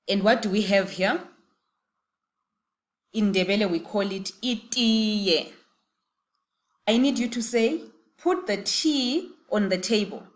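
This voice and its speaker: A Zimbabwean woman leads a beginner language lesson at an unhurried pace. She repeats each phrase patiently for learners to say after her. Her pitch sits in a middle range. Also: expressive. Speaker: language teacher.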